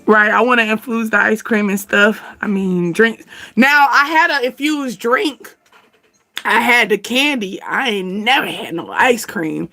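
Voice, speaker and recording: High, bright-voiced laughing woman. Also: measured pace. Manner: animated, laughing often, slangy. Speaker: channel host. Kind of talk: casual chat.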